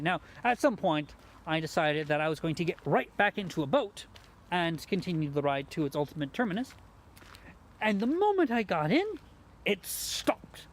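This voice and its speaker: Animated self-mocking storyteller. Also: medium pitch, slight background noise. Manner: animated, self-mocking, acts out quoted lines. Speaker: podcast host telling a story. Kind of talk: casual storytelling.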